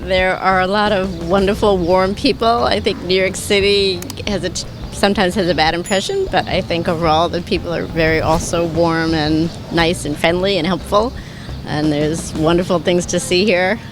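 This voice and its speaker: A woman answering a street interview question in a polite, measured way. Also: fairly low pitch, fairly even intonation, noisy background. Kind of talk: vox pop answer. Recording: street interview clip over music.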